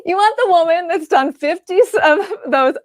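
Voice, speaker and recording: Woman artist guest, chatty and animated, laughs a lot, dry close sound. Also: very high-pitched, normal speed, no room sound. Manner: animated, laughs often, lots of fillers. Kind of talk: casual conversational chat.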